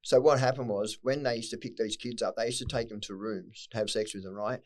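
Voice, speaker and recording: A middle-aged Australian man with a fairly low voice, talking quickly and bluntly. He swears freely as he recounts hard memories, and emotion breaks through now and then. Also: steady tone. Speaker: podcast guest. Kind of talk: candid personal storytelling.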